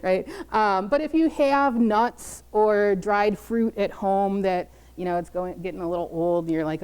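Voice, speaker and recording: A woman's voice: medium pitch, moderate pace, a little mellow, clean tone. A woman nature educator giving a casual, chatty talk with frequent laughs. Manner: chatty, laughs often, many fillers.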